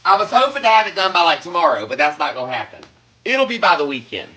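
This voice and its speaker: Southern guy from south carolina, high voice that swoops all over, sassy and playful, chatting with viewers while he cooks on a live stream. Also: very animated, quick pace, bright, forceful tone, poor audio. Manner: sassy, playful, drawls greetings, hums little sound effects. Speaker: live-stream cooking host.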